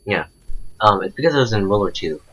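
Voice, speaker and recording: A man's voice: fairly low pitch, expressive, fast talker, a bit bright, breathy edge, rough recording. A man chatting casually about video games, rambling with many fillers and restarts. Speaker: co-commentator. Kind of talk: casual gaming chat.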